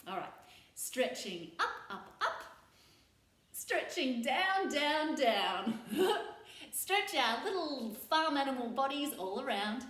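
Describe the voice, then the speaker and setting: A woman's voice: high voice, big pitch swings, takes it slowly, fairly bright tone. A woman hosting a children's playtime session, leading stretches and farm animal sounds in a playful, sing-song way. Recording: roomy echo.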